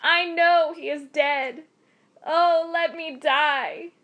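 A woman's voice: high voice, measured pace, muffled recording, voice pushed up. A woman storyteller voicing a distraught young peasant wife who pleads and cries out. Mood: desperate. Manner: pleading, crying out.

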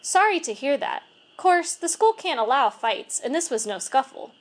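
A woman reading aloud, voicing an older male school custodian who talks in a plain, gentle, matter-of-fact way. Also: sits high, big pitch swings, moderate pace. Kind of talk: storybook reading.

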